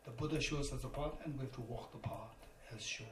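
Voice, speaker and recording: A man lectures as a Buddhist teacher, repeating key phrases and spelling words out letter by letter. His voice sits at an ordinary middle pitch and is picked up from some distance in a roomy hall, with faint noise underneath. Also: brisk, fairly bright tone. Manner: emphatic and repetitive, spells terms letter by letter. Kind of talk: dharma lecture.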